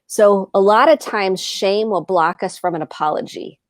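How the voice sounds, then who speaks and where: A woman therapist co-hosting a live advice talk, explaining calmly and acting out example conversations. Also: medium pitch, normal speed, dry recording, studio quality. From United States. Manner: calm, explanatory, acts out example dialogue. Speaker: therapist co-host.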